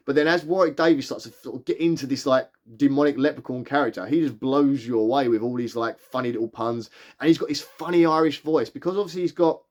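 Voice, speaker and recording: A man chats through a film review in a casual vlog. His voice sits a little high and races along. He rambles with enthusiasm, piling on fillers and restarts. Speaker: movie reviewer.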